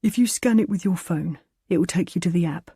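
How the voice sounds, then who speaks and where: A woman narrator voicing a careful young man explaining a plan in a low, instructive way. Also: brisk, mellow, breathy edge, no room sound, studio quality. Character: careful young man, self-confessed control freak.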